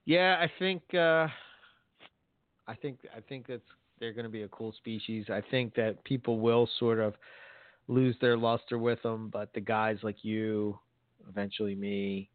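A man co-hosting a podcast in casual chat, talking slowly and agreeably with fillers and trailing phrases. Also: lowish voice, steady tone, dry recording. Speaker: podcast co-host. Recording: dry, phone-like narrow audio.

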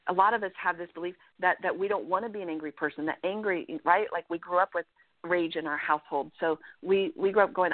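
A woman life coach giving earnest, animated advice as a guest in an interview, often checking in with "right?". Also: lowish voice, fast talker, no echo. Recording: dry, tinny phone-line sound.

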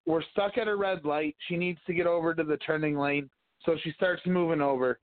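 A man's voice: fairly high pitch, no echo. A man co-hosting a casual podcast chat, telling profane, ranting stories and arguing. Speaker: podcast co-host. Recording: dry, phone-like tinny audio.

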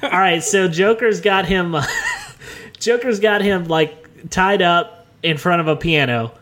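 A young man casually pitching a comedy scenario on a podcast, with hesitant ums and chuckles. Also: takes it slowly, fairly bright tone. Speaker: podcast co-host.

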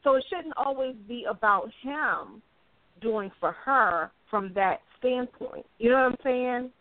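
Woman co-host, emphatic casual talker, a bit high; phone-line audio. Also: measured pace, no room sound. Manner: chatty, emphatic, keeps checking listener agrees. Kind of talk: casual podcast chat.

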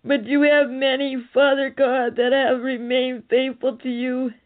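Woman, high and flat voice, pleading prophetic speaker, thin phone-quality recording. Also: measured pace. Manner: earnest, tearful, pleading. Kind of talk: relayed prophetic message.

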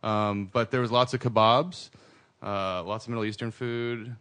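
A man's voice: lowish voice, normal speed, clear, resonant tone. A man in casual podcast chat who tells his stories with real energy. He slips into the voices of the people he met and keeps the talk moving and loose. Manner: animated storyteller, acts out quoted voices. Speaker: podcast co-host.

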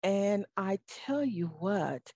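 Slow-talking heartfelt woman talk show host. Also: medium pitch, sing-song, warm tone, no echo, lo-fi sound. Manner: emotional, heartfelt, faith-filled, addresses listeners directly; frequent fillers and stammered restarts. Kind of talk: solo talk show monologue.

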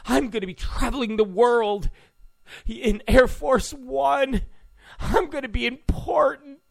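A man's voice: takes it slowly, gravelly, no echo, clean studio sound, exaggerated voice. A man doing a giddy whiny young woman reporter. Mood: giddy gushing. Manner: mocking falsetto, breathless gushing.

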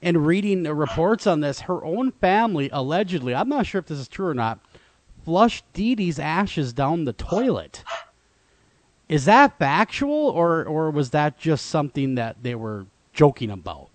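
A man co-hosting a podcast, asking questions in an animated, exclamatory way. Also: on the high side, normal speed, no room sound. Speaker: podcast co-host. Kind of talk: casual interview conversation.

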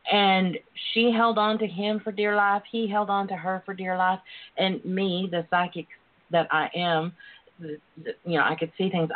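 Earnest woman on a tinny phone line. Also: fairly low pitch. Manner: earnest, emotional, addresses listeners as darlings. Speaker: guest author and sex educator. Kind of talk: casual call-in interview talk.

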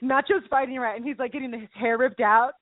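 A woman co-hosting a faith chat, bubbly and quick to burst into laughter as she acts out lines. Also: on the high side, no echo. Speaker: podcast co-host. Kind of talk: casual chat about faith. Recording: tinny phone-like line.

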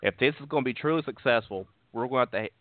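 A man's voice: medium pitch, very fast, no echo. A man hosting a sports talk show, talking casually and often stumbling over his words. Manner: stumbling, restarts, chuckles. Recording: tinny phone-line sound, dry.

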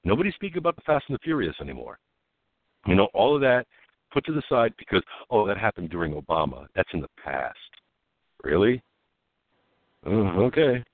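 Deep-voiced, animated talk radio man. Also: a little fast, long pauses, no room sound. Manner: animated, laughing storyteller. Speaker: radio talk show co-host. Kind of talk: political talk radio chat. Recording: phone-line quality.

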